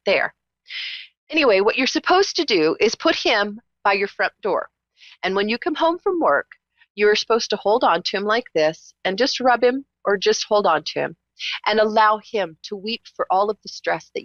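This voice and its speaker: Animated chatty woman psychic host. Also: medium pitch, normal speed, no echo, muffled recording. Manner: chatty, animated, teasing, emphatic repetitions. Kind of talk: live call-in psychic reading.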